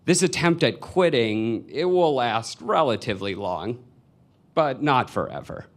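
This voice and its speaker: A man's voice: medium pitch, animated, unhurried. A man in his twenties telling a personal story live on stage, in a wry, confessional way. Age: 20s. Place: stage before a live audience.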